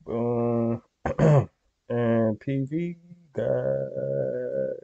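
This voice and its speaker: A young man hosts a reaction video, talking to his viewers in a loose, laid-back way full of slang and frequently asking "you feel me." His mid-range voice is expressive, creaky and warm, and he speaks very slowly. The audio is dull.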